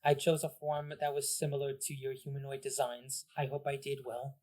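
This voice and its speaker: A man's voice: medium pitch, completely flat delivery, normal speed, darkish tone, close to an everyday voice. A man voicing a polite female machine guide in a cyborg body, speaking formally.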